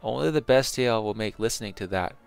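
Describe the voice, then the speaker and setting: A man's voice: fairly low pitch, fast talker, creaky, clear, resonant tone, soft background music. A man voicing a second male dwarf who barks with laughter and teases the stranger dryly. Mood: mocking. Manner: barking laughter, dry teasing. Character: mocking male dwarf, the bar companion.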